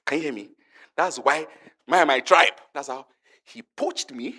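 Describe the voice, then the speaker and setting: A man with a Nigerian accent telling a lively testimony at a conference, acting out the voices of the people he quotes and calling out to the audience. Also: on the high side, unhurried. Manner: lively storytelling, acts out quotes, calls to the audience. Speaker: conference speaker. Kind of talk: animated testimony talk.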